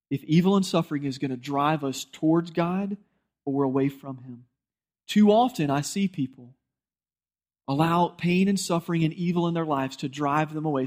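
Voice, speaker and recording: A man's voice: on the high side, a little mellow. A male pastor, preaching a sermon in a conversational, storytelling way and acting out bits of dialogue.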